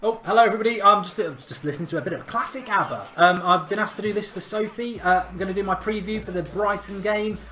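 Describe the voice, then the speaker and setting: A man's voice: high-pitched, fast, hardly any pauses, bright, forceful tone, roomy sound. A man giving an offhand, cheerful match prediction.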